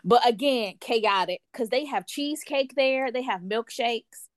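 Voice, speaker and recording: A woman telling a long story in an animated, casual way, and she acts out other people's lines in playful voices. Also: on the high side, a little slow, no echo, clean studio sound. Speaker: guest storyteller. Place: lives in France.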